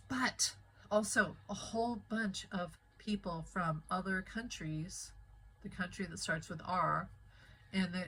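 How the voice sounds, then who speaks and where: A woman's voice: lowish voice, fairly bright tone, a little hiss or hum, poor audio. A woman vlogging into her phone, rambling and heated in a conspiratorial way. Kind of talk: casual rambling monologue to camera. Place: home in the Midwest of the USA.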